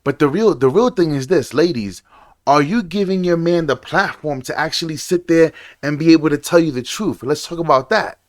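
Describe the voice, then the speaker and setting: A man's voice: fairly high pitch, normal speed. A young man hosting a reaction video, ranting casually and swearing often.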